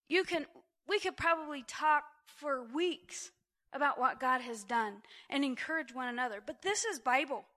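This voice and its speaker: Bright high-voiced woman preaching. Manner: animated and exclamatory, with laughter. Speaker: church speaker. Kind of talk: testimony sermon. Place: church gathering.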